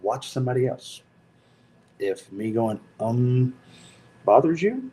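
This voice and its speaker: Slow-drawling Tennessee man. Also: medium pitch, very animated, dark tone, rough recording. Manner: slow-talking, frequent ums, easygoing and joking. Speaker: FPV drone channel host. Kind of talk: casual livestream chat.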